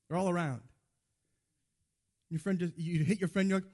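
A man's voice: high voice, fairly even intonation, a little fast, long pauses, darkish tone. A man preaching a sermon in a conversational, storytelling way, acting out bits of dialogue. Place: church sanctuary. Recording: reverberant church hall.

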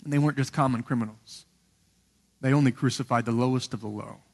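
A man preaching a sermon earnestly, rising to emphatic peaks and sinking to hushed lows. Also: quick pace, vocal fry, husky. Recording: long hall reverb.

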